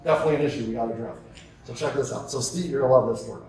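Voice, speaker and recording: In a large, echoey conference hall, a keynote speaker's medium-pitched voice comes rapid-fire through a distant microphone. His live talk mixes energetic stories with a barrage of rhetorical questions.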